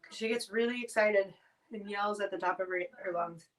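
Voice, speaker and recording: Woman livestream host at home, casual and chatty, coughing and clearing her throat, a bit far from the mic. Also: mid-range voice, a little fast. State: coughing from spicy food. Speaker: livestream host reviewing spicy snacks.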